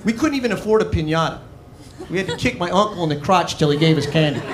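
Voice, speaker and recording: Quick and expressive, this Arizona comic's high voice delivers a brash, punchy, mocking set into a handheld mic on a club stage. The recording is very noisy, with echo and the crowd's laughter.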